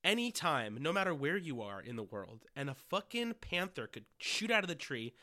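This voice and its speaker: Playful joking man with lively pitch. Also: normal speed. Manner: playful, jokey, swears. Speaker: podcast co-host. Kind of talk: casual comedic chat.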